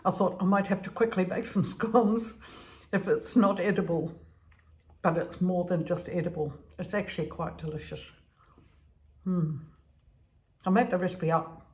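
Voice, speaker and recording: A woman's voice: on the low side, steady tone, moderate pace, pauses often. A woman chatting casually as she bakes at home, laughing often and trailing off with fillers. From Netherlands. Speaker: vlogger. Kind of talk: casual home baking vlog.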